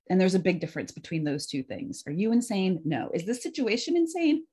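Woman, coach, husky, mellow, lower pitch, chatty and animated. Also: fairly quick, few pauses. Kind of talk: casual talk to a virtual group, then reading a poem.

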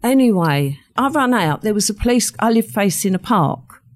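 A woman's voice: mid-range voice, animated, moderate pace. An older woman, recounting a true crime story as an interview guest and acting out the quoted voices.

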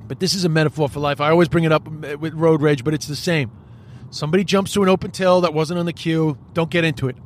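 An Irish man hosting a podcast, ranting in a profane, rambling, animated comic style. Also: on the high side, fast talker, a little hiss or hum. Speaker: podcast host. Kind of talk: solo comedic podcast rant.

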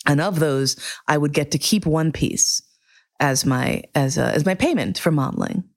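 A middle-aged woman hosting a podcast, telling a candid, profane personal story with lively acted-out quotes. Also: low voice, moderate pace. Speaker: podcast host.

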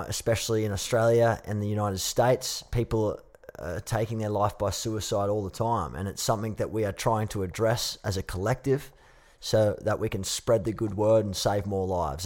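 A man hosting a podcast interview, speaking in a supportive, earnest way with some small stumbles. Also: lowish voice. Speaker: podcast host. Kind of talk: interview conversation.

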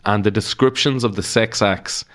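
A man's voice: lowish voice, moderate pace. A man with an Irish accent, a comedian guest chatting casually on a podcast and telling stories with laughs and swearing. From Ireland.

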